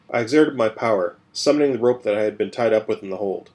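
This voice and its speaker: Male narrator-host, steady first-person storytelling. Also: fairly low pitch, fast, hardly any pauses.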